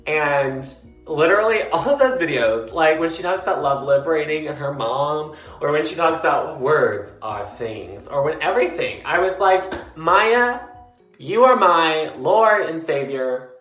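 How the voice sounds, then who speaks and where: In an echoey tiled bathroom with faint music, a tipsy man talks books from his bathtub for his vlog. His slightly high, fairly bright voice has lively intonation at a moderate pace, full of fillers, giggles, and casual rambling.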